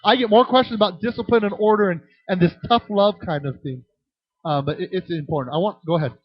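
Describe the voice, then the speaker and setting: A man's voice: high voice, quick pace, slightly rough, no room sound. A man leading a children's ministry training workshop, answering questions from the audience and acting out voices in his stories. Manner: animated, acts out voices in anecdotes, frequent restarts. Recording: dull lo-fi, dry sound.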